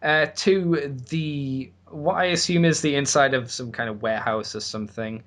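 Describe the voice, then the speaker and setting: A young man talks through a cartoon episode on a casual podcast, loose and rambling, full of fillers and laughs. His voice sits at an ordinary middle pitch, and he swears freely as he chats. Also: normal speed, a bit bright. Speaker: podcast host recapping an episode.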